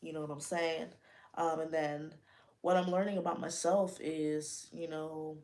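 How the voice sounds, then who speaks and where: A woman's voice: low-pitched, fairly even intonation, unhurried, a little mellow. A young woman hosting her own podcast, talking openly and casually in slangy speech, straight to her listeners. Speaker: podcast host. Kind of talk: casual personal talk.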